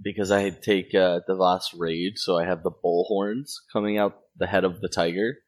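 A man with a very low voice talks through his dice rolls and abilities at a tabletop game. He explains rules plainly and at length. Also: fairly even intonation, normal speed, a little mellow. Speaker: player. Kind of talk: casual tabletop game chat.

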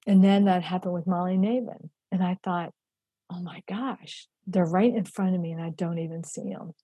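A middle-aged woman telling a personal story in an animated way, acting out the voices she quotes and using many fillers. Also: lowish voice, normal speed, breathy edge, dry recording. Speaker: charity founder telling her story.

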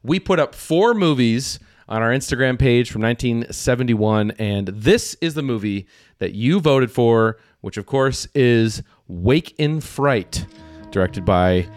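Dry, close-sounding male podcast host talking in relaxed mid-range tones. He keeps it casual and profane, breaking into laughter and stumbling over his restarts as he runs the show. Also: medium pitch, a little slow, no room sound. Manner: loose and profane, laughs often, frequent restarts.

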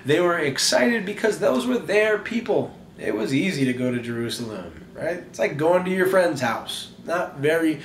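A man preaches in a lively, conversational way, often restarting and repeating words. His voice sits a little high. The recording is roomy and echoey, with faint ambience behind him. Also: moderate pace, few pauses, a little hiss or hum. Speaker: pastor. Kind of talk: sermon.

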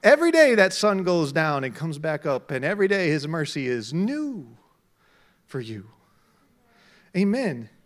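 A middle-aged male pastor preaching a sermon, swinging from quiet talk to loud shouts. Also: on the high side, sing-song, unhurried, long pauses.

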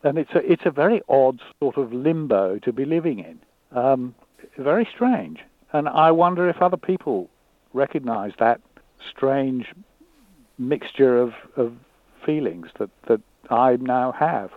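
A man's voice: mid-range voice, animated, measured pace, no room sound. Man on a tinny line. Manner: hesitant, repeats words, thoughtful. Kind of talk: candid conversation. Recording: dry tinny phone-like line.

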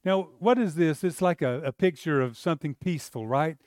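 Earnest conversational male preacher, clear dry voice. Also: fairly high pitch, brisk, darkish tone, no echo. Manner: conversational, earnest, repeats words, acts out quoted voices. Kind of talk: sermon.

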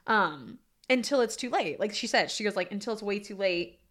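A woman co-hosting a casual movie podcast, animated and quick to laugh as she acts out scenes. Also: mid-range voice. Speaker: podcast co-host.

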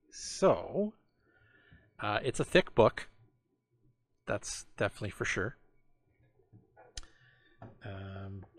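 Slow gravelly laid-back man. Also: mid-range voice. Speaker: co-host. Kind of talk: casual hobby chat.

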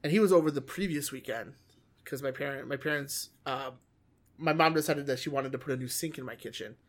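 A man in a casual chat, telling a story with jokes and animated asides. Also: mid-range voice, brisk.

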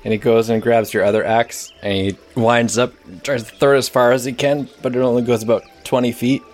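A man's voice: medium pitch, little pitch movement, brisk, darkish tone, faint music behind. A man narrating as game master of a tabletop role-playing game.

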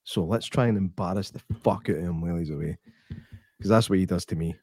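A man's voice: low voice, fast, darkish tone, no room sound, studio quality. A Scottish man co-hosting a casual podcast, chatty and easygoing, swearing now and then. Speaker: podcast co-host.

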